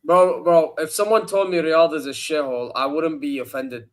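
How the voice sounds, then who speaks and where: A man's voice: fairly high pitch, steady tone, moderate pace. A young man in casual football banter, emphatic and dropping "bro" often. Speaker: podcast panelist.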